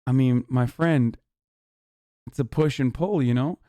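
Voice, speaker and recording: A man's voice: medium pitch, a little slow, mellow, dry recording. A young adult man doing casual livestream commentary in a sarcastic, profane and mocking way. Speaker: streamer.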